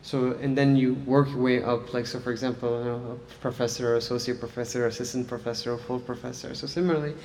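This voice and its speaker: A man's voice: medium pitch, level tone, fast talker, hardly any pauses, darkish tone, in a large hall, slight background noise. A man teaching Islamic studies in a casual lecture style, talking conversationally and often checking in with "right?". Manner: conversational, frequent "right?" and "like" fillers.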